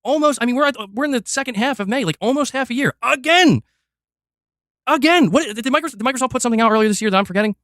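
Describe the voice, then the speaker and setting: A man's voice: very high voice, a bit bright, dry recording, clean studio sound. A man ranting as a gaming commentator, reacting to a video in a fiery, exasperated, profane way. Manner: fiery, exasperated, profane, talks fast in bursts. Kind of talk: heated reaction rant.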